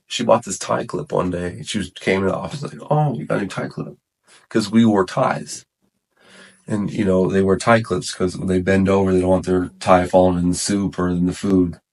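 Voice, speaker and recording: A man's voice: low voice, fairly even intonation, normal speed, darkish tone. A man telling his faith testimony in a loose, rambling way, full of fillers and self-corrections. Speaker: guest sharing his testimony. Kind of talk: casual testimony chat.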